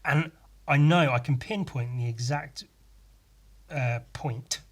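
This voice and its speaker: Sweary sardonic English man, slow drawl. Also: medium pitch. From England. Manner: sardonic, sweary, mock-outraged asides. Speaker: podcast host. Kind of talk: casual solo rant.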